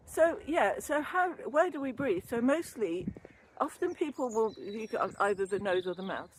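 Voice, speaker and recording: A slightly high, animated woman's voice moves at a normal speed with hardly any pauses, over slight background noise. She's an older wellbeing vlogger and former yoga teacher trainee, a little out of breath as she walks along a canal, rambling and laughing easily about wellbeing. The casual vlog is captured on a phone or camera's built-in mic.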